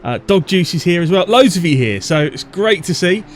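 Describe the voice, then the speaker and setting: A man's voice: high-pitched, animated, a little fast, slight background noise. A man hosting a live race stream, reading out viewer messages and tossing questions to co-hosts, upbeat with frequent fillers. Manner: upbeat, reads out viewer chat, hesitant fillers. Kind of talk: casual live-stream commentary chat.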